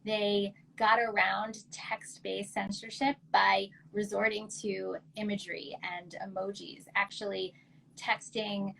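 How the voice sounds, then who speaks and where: A woman guest expert answering interview questions in an articulate, measured way. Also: mid-range voice, level tone, creaky, bright, forceful tone, slight background noise, low-quality recording. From United States.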